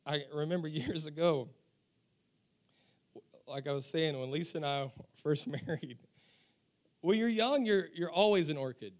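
A man in his forties with a high voice delivers a sermon. He tells stories from his own life with frequent chuckles and turns to speak directly to his listeners. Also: unhurried, long pauses, darkish tone. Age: 40s. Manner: chuckling storyteller, talks straight to the audience. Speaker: pastor. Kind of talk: sermon with humorous personal stories.

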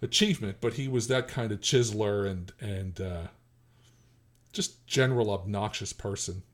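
Low-voiced man in relaxed chat. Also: normal speed. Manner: hesitant, restarts often, chuckles. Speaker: podcast co-host. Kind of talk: casual chat.

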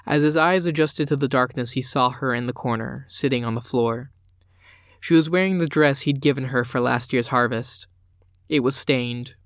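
A man narrating a dark fantasy audiobook in a measured, unhurried manner. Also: medium pitch, dry recording, clean studio sound.

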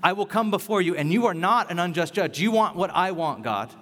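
A man's voice: high voice, lively intonation, a little fast, a bit bright. A man preaching a sermon as a pastor, earnest and emphatic with a conversational, joking touch. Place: church hall. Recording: echoey hall reverb.

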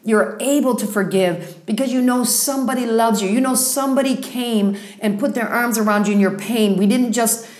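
A woman's voice: on the high side, moderate pace, few pauses. A woman, a ministry leader, explaining her program step by step as a podcast guest. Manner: warm explanatory teaching, listing steps. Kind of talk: podcast conversation. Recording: roomy echo.

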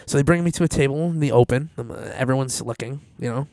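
A man's voice: medium pitch, fast talker, no room sound, clean studio sound. A man telling a story in casual chat, swearing a lot and acting out his lines. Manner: swears a lot, animated retelling. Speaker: storyteller guest.

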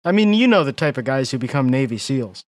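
A man's voice: medium pitch, very animated, fast talker. A man co-hosting a podcast, chatting casually with a dry, joking manner. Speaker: podcast co-host. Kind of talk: casual chat.

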